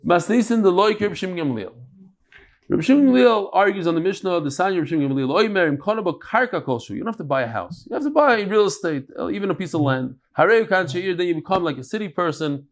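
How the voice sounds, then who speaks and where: Animated man teaching a Talmud class. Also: sits high, fast talker. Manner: lively, chatty lecturing mixing Hebrew and Yiddish terms.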